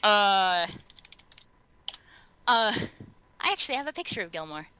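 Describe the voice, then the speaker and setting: A woman's voice: medium pitch, sing-song, unhurried, sharp tone, smooth, poor audio. A woman narrating a tabletop game as game master, rambling with many "um"s and restarts.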